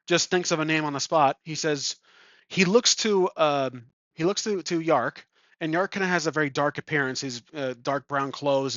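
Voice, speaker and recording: A man's voice: fairly high pitch, fairly bright tone, no room sound. Rambling man narrating a solo RPG. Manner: rambling, thinking aloud with many ums. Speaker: solo tabletop game player. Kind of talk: improvised game narration. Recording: dull lo-fi sound.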